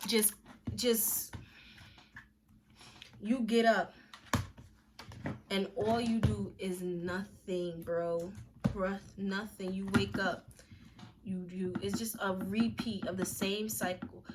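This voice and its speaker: A woman's voice: mid-range voice, level tone, takes it slowly, long pauses, background noise. A young woman telling a personal story on a casual vlog, candid and emphatic, with slang and restarts when emotional. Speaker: vlogger.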